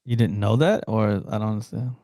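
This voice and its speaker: A man co-hosting a casual talk show, laid-back, prompting with short questions and halting fillers. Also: lowish voice, dark tone, dry recording, studio quality. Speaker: co-host. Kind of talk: casual chat.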